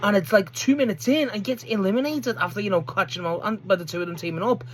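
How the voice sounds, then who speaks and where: A young man, recapping a wrestling match in casual chat, excitable and swearing often. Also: high voice, fast. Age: young adult. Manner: excitable, swears a lot, acts out promo quotes. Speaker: wrestling video host.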